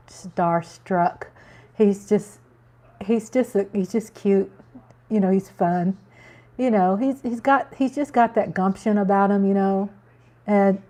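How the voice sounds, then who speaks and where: A woman hosting a live stream, chatting casually to her viewers in an excitable, rambling way with many restarts. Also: medium pitch.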